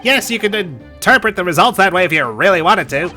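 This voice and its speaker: A man voicing an eccentric, excitable older male scientist who stammers and shouts his theories. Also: high-pitched, fairly quick, soft background music, pitched above the performer's own voice, heavily acted. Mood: flustered. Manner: stammering, loud, overexcited.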